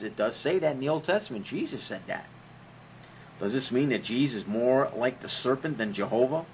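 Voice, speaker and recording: A man's voice: medium pitch, lively intonation, a little fast, highs cut off, slight background noise. A man hosting a comedic monologue on religion, sarcastic and profane, who keeps asking rhetorical questions. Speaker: host.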